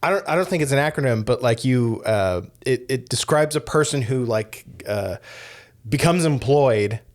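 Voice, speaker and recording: A man's voice: mid-range voice, lively intonation, moderate pace. A man co-hosting a podcast, talking through a film in a loose, rambling way with many restarts. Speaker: podcast co-host. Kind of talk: casual film discussion.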